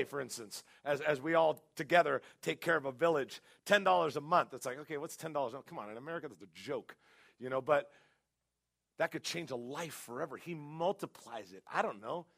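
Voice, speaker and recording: Middle-aged guy preaching in a church, gravelly voice, tells funny stories and gets loud on the big points. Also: fairly high pitch. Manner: animated storytelling with humor, rising to loud emphasis. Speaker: guest pastor. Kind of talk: sermon. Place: church sanctuary.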